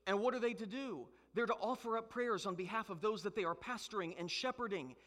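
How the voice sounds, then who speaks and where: Pastor, high bright voice, pressing rhetorical questions, long hall echo. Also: male voice, a little fast. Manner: emphatic preaching with rhetorical questions. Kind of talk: sermon.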